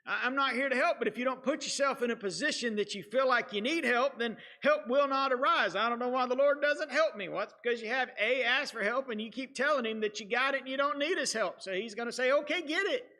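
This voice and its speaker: A man's voice: very high-pitched, fast talker, hardly any pauses, sharp tone. A man with a Southern US accent teaching a Sunday school lesson in a church, earnest and repetitive, with frequent restarts and fillers. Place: church sanctuary.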